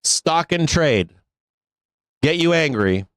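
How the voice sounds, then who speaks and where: A middle-aged man talks casually and bluntly, swearing often with a sarcastic edge, in a voice pitched a little high for a man. The recording is dry and close, with no room sound around him. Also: expressive, slow pace, clean tone, dry recording. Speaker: live trading stream host. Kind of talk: casual live-stream rant.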